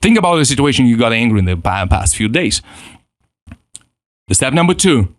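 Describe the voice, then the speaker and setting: An animated man coaching a self-help lesson, his pitch swinging widely as he acts out little inner voices. He repeats and restarts as he teaches. The sound is dry and close, with no room echo. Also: normal speed. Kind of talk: motivational teaching.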